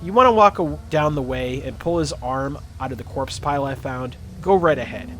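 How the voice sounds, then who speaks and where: A man's voice: mid-range voice, animated, moderate pace, a bit bright, faint music behind, close to an everyday voice. A man playing a blunt investigator.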